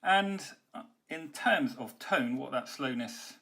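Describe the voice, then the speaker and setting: A man's voice: mid-range voice, lively intonation, slow, creaky, bright, forceful tone. A man giving a university poetry lecture, talking conversationally and explaining step by step, with frequent ums and uhs. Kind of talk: recorded lecture.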